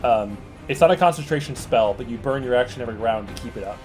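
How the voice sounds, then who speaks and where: A man narrating as game master in a relaxed way, with loose fillers and chuckles. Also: medium pitch, fast talker, music in the background.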